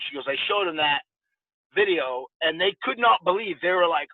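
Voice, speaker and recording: A man's voice: on the high side, unhurried, no room sound. Middle-aged guy rambling thru stories on a podcast, does voices for people, sounds tinny like a phone line. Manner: rambling, many fillers, acts out quoted voices. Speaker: podcast guest, former fighter. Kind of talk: casual storytelling interview.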